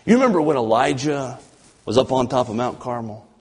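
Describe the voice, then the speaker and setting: A man preaching a fervent sermon as pastor, swinging between loud emphasis and low, drawn-out passages. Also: lively intonation, husky. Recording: long church reverb.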